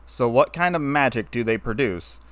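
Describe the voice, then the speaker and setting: A man reading a story aloud, voicing a sarcastic, guarded young human man with a flat, wry delivery. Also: medium pitch, normal speed, no room sound, lightly acted. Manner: wry, flat, turning bitter.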